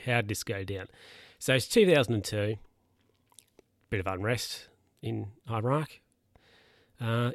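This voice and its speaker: A man's voice: medium pitch, no echo, clean studio sound. A man casually recapping a film plot, rambling with lots of fillers and corrections.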